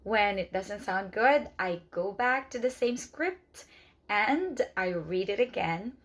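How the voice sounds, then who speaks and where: A woman's voice: medium pitch, lively intonation, takes it slowly, fairly bright tone. A woman English teacher who is not a native speaker, explaining step by step in a casual spoken lesson. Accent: non-native English speaker. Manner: earnest, explains step by step with many "okay"s.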